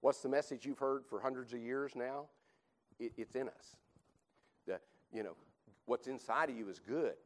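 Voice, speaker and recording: A man's voice: medium pitch, moderate pace, pauses often, poor audio. A man teaching a Bible class, emphatic and repeating his points, often checking in with a rhetorical "right?". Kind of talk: teaching sermon.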